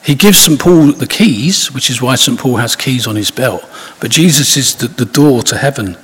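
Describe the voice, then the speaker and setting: A man's voice: medium pitch, expressive, normal speed. A man giving an informal, conversational sermon, rambling with restarts and asides. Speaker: preacher. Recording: husky voice in long hall reverb.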